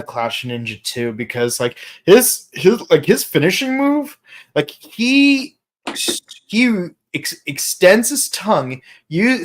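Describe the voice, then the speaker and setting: A co-host of a live fan review show, talking casually and rambling, with many restarts. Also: medium pitch. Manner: rambling, full of restarts and sung quotes.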